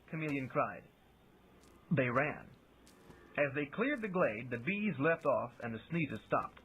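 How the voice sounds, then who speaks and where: A man narrating a fantasy audiobook with expressive storytelling on a tinny, phone-like recording. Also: medium pitch, unhurried, long pauses, slightly rough.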